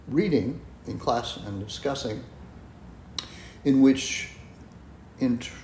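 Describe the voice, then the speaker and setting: A man being interviewed as a guest scholar, speaking in a measured, hesitant way with many pauses and ums. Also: fairly low pitch, vocal fry, warm tone. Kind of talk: podcast interview. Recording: echoey room with faint noise.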